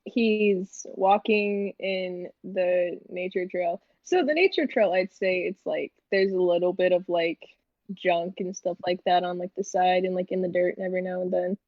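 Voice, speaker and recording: Woman player, mid pitch, muffled dry call audio, rambles with lots of likes. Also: normal speed, dry recording. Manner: rambling, filler-heavy talk. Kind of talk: tabletop role-play.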